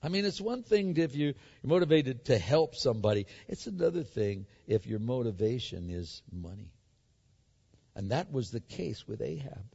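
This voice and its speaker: A male pastor preaching a sermon, emphatic and animated, acting out the story as he reads it. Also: mid-range voice, moderate pace, vocal fry, breathy edge. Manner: animated, emphatic, acts out the scripture. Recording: echoey hall, dull sound.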